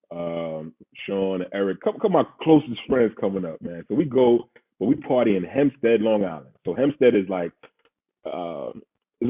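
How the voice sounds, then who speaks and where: A man from Queens with a New York accent, telling a story in casual, slangy podcast talk and laughing often. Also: fairly low pitch. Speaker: podcast host, former pro football player. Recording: husky voice over tinny phone-like line.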